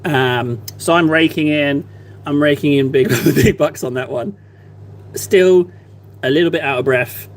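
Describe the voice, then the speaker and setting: Slightly high, teasing male streamer. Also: measured pace, a little hiss or hum. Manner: playful, teasing, mock-innocent banter with chat. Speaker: streamer painting miniatures. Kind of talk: casual live-stream chat while painting. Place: at a desk, painting.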